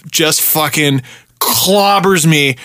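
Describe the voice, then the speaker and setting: A young man from Canada, a podcast host telling a story in casual chat, animated and swearing freely. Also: on the high side, slow pace, slight background noise. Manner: animated, swearing, acts out shouted quotes.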